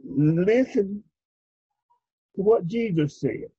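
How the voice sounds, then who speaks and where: A male preacher giving a sermon in a rhythmic, drawn-out style, calling for responses from his congregation. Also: high-pitched, animated, mellow, slightly rough, no room sound. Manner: rhythmic, drawn-out phrasing, leads the congregation in repeating lines. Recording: dull lo-fi recording.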